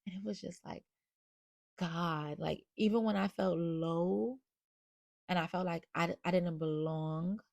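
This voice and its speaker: A woman's voice: on the low side, unhurried, creaky, darkish tone, no echo. A woman talking in a casual, confessional vlog as a motivational speaker and mom coach, earnest and emotional, rambling with many fillers.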